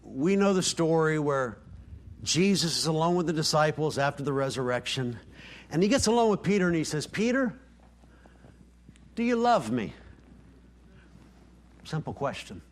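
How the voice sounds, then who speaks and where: A man preaching a sermon as pastor, acting out quoted dialogue and sinking to soft, hushed lines for emphasis. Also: expressive, a little fast. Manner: preaching, dropping to soft near-whispers on key lines; voices quoted dialogue with rising pitch.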